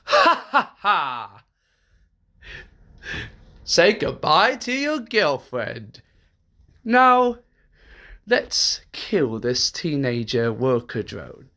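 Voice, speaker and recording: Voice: medium pitch, very animated, very slow, sharp tone, exaggerated voice. A storyteller voicing an old male villain who gloats and laughs manically in a homemade horror story. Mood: gloating.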